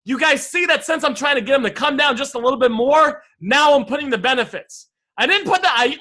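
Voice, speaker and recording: A sales and negotiation coach gives a casual online lesson on negotiating, his voice very high and sharp. He's brash, swears freely, and keeps calling his audience "guys."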